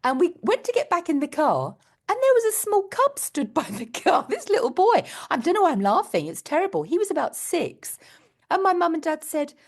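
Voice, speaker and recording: On a casual podcast chat, a female co-host tells stories in a very high-pitched voice at a normal speed. She's animated and laughs often.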